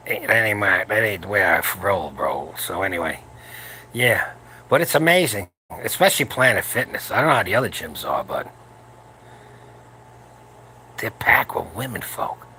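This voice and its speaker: A low, gravelly-voiced man in his seventies rambles through a late-night livestream from home. His talk is crude and joking, wandering from one thing to the next, with a bright, forceful edge to the grit. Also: very animated, moderate pace, pauses often, slight background noise. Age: 70s. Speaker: powerlifting channel host.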